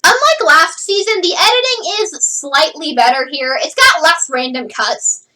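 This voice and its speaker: A woman reviewing a show in a casual, sarcastic way, her high voice swooping up and down as she goes. She has a bright, sharp tone and keeps dropping "like" into her sentences. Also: very animated, moderate pace, low-quality recording. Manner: chatty, sarcastic, lots of "like" fillers. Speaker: host reviewing a TV series.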